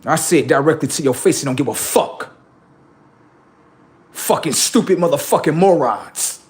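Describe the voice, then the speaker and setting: A man's voice: fairly high pitch, expressive, normal speed, breathy edge. A man hosting a livestream, delivering a heated, profane and confrontational political rant that taunts his listeners. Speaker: livestream host.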